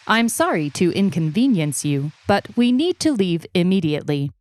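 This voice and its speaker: A woman reading a story aloud, voicing a household robot with a soothing electronic tone, polite and measured. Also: on the low side, sing-song, a little mellow. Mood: urgent. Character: calm household robot caretaker, soothing yet urgent. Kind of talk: audiobook reading.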